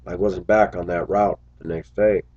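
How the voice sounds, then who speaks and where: A man's voice: low voice, steady tone, normal speed, a little mellow, no room sound, lo-fi sound. A man who drives a school bus, talking earnestly to his viewers in a casual, reflective monologue full of little stories.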